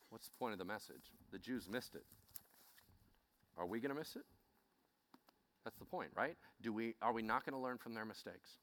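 A man preaching a sermon as a pastor, telling the story in an animated, conversational way and calling out questions to the congregation. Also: lowish voice, moderate pace, long pauses.

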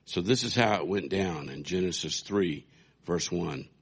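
A man's voice: sits low, expressive, a little slow, breathy edge. A man preaching a sermon, telling a scripture story with humor and acting out quotes. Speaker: pastor.

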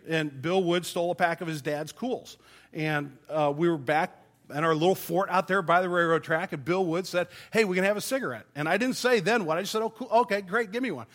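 A man's voice: sits high, fairly bright tone. A middle-aged man preaching a sermon, folksy and self-deprecating, telling stories from his childhood to make his point. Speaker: pastor.

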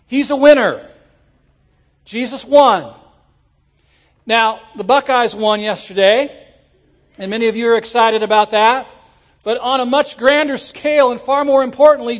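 Male pastor preaching, high voice, animated sermon delivery. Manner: animated preaching, rising to shouts. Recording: church sermon audio.

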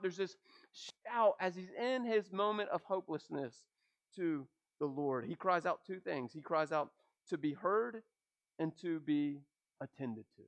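A man preaching a sermon, asking rhetorical questions and dropping his voice low at the ends of phrases. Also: highs cut off. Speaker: pastor.

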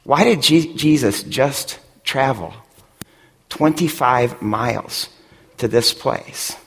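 A middle-aged male pastor from West Michigan preaches with fervor, pushing his voice up toward near shouts. The sound carries a long reverb, as if it were picked up in a big church sanctuary. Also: mid-range voice, slow pace, gravelly, slightly rough. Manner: impassioned, rising to near shouts. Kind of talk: sermon.

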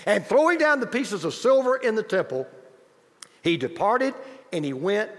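Animated high-pitched preacher man in a reverberant hall. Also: moderate pace. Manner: emphatic and repetitive, with conversational asides to the congregation. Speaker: pastor. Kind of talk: sermon.

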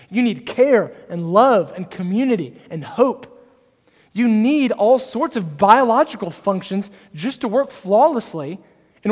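A young man preaching an earnest sermon to a congregation. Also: high-pitched. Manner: earnest preaching, varies pace and loudness. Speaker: pastor. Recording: hall reverb.

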